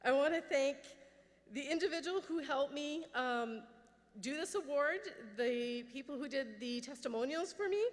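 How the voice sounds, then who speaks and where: A middle-aged woman accepting an award, nervous and heartfelt as she thanks her mentors and colleagues. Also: high voice. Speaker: award recipient. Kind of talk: acceptance speech. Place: large event hall. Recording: long reverb of a large hall.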